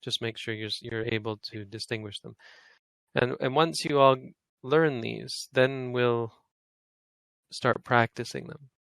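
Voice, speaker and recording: Male online tutor, crisp gravelly tone, drills short and long vowels patiently. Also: mid-range voice, steady tone, a little slow, fairly bright tone, dry recording, low-quality recording. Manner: patient, repeats vowel sounds aloud for students to copy. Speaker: Pali teacher. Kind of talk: online language lesson, demonstrating pronunciation.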